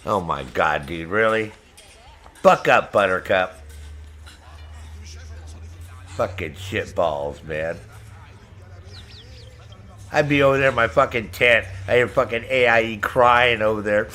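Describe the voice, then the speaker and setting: A man's voice: lowish voice, measured pace, long pauses, bright, forceful tone. A middle-aged man streaming a game, chatting with viewers in a brash, profane way and laughing often. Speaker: gaming streamer. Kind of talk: casual chat with stream viewers.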